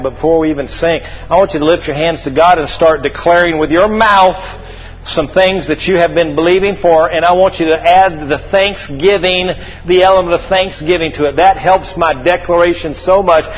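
A man preaching a sermon to a congregation, lively and joking, calling out for amens. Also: fairly high pitch, normal speed, slightly rough. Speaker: pastor. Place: church hall. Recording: echoey, slightly dull church hall recording.

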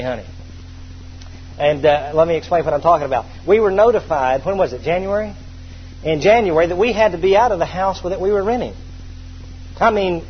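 A man in his thirties preaching with a high voice, telling stories emphatically and driving phrases home by repetition. The recording is dull and lo-fi, with a faint hum underneath. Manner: emphatic, storytelling, repeats phrases. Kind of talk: sermon.

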